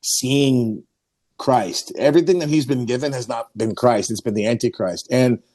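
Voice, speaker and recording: A man's voice: mid-range voice, moderate pace, darkish tone. A man, an Orthodox priest and podcast host, telling a rambling story in casual chat, full of fillers and acted-out quotes. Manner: rambling, many fillers, acts out quoted voices.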